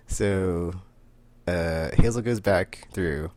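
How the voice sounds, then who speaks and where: A man's voice: sits low, a little mellow, dry recording. A man casually recapping a comic book issue, rambling with many fillers and frequent laughter.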